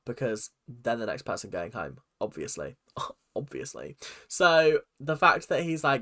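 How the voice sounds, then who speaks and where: Bright-voiced chatty male reaction host. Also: medium pitch, very animated, a little slow. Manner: chatty, exaggerated, frequent mock voices. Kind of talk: casual reaction commentary.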